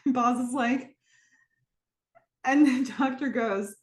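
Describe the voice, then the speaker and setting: A woman hosting a podcast, retelling a TV episode scene by scene in a lively, laughing way. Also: high voice, takes it slowly. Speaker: podcast host. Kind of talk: casual episode recap. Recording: roomy echo.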